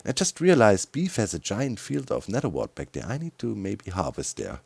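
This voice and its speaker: A man's voice: on the low side, wildly swooping pitch, moderate pace, gravelly, darkish tone, breathy edge, dry recording. A middle-aged man with a German accent, tired, giving rambling gaming commentary with frequent chuckles and many fillers. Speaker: gaming YouTuber.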